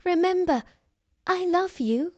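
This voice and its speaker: Storybook heroine, young, kind and brave, read by a woman; unhurried, with plenty of melody. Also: very high voice, expressive, darkish tone, no room sound, muffled recording, pitched above the performer's own voice, exaggerated voice. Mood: earnest.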